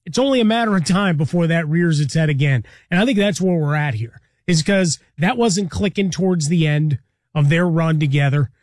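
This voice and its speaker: Male co-host, high-ish voice, laid-back, rambling, dry studio sound. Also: moderate pace, no room sound. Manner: relaxed, rambling, uses folksy analogies. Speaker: sports talk show co-host. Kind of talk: conversational sports radio analysis.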